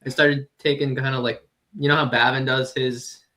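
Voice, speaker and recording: A man's voice: mid-range voice, flat delivery, moderate pace, pushed and bright. A man on a comedy podcast telling profane stories, often laughing as he talks. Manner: storytelling with frequent laughs, profane. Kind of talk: casual podcast banter.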